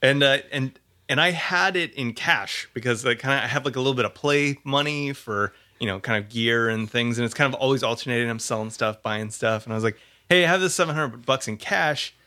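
Man, podcast host, medium pitch, bright tone, relaxed delivery. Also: fairly quick. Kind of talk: casual chat.

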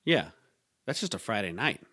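A man's voice: fairly low pitch, very animated, moderate pace, bright, forceful tone. Rambling, chatty male podcast host. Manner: rambling anecdotes with frequent fillers and laughs. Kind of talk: casual chat.

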